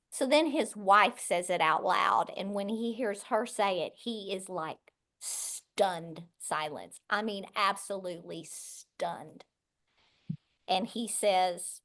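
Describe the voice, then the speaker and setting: A middle-aged woman from West Texas, guesting on a podcast and telling her story with animated voices for the people in it. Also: mid-range voice.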